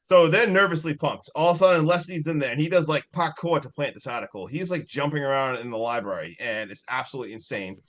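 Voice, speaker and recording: A man's voice: a little high, fast talker, few pauses, fairly bright tone. A young man co-hosting a horror movie podcast over a video call, recapping scenes in a rambling, profane, joking way. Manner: profane, rambling, mock-angry ranting. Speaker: podcast co-host. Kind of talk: casual horror movie review chat.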